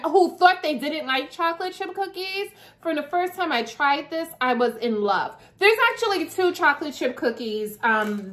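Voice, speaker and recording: A woman with a high voice speaks slowly and unhurriedly in a casual vlog. She chats playfully to her viewers and breaks into laughter often. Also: a bit bright. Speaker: vlogger. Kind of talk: casual chat to camera.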